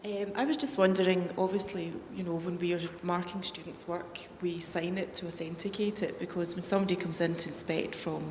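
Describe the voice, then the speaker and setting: A woman's voice: on the low side, level tone, fairly quick, few pauses, a little hiss or hum. A woman from the audience at a conference asking a tentative question with fillers, in a large hall. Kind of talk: question from the floor. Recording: echoey hall with faint ambience.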